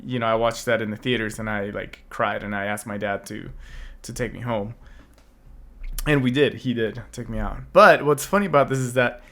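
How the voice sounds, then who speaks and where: A man in his thirties co-hosting a podcast, talking casually while hoarse and losing his voice, clearing his throat often. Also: medium pitch, normal speed, bright, forceful tone. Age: 30s. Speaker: podcast co-host. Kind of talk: casual chat.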